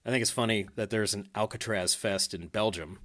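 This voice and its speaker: A man's voice: on the low side, steady tone, fairly quick, sharp tone. A man hosting a casual podcast chat, talking loosely with fillers, restarts and easy laughs. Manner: chatty, laughs easily, many fillers and restarts. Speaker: podcast host.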